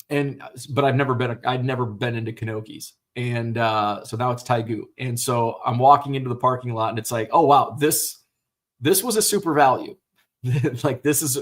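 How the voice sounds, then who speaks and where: A man's voice: medium pitch, fairly bright tone. Casual male stream host, middle-aged, rambly and unpolished, talking into a computer mic. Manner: rambling, many fillers and restarts, swears casually. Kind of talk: casual livestream chat.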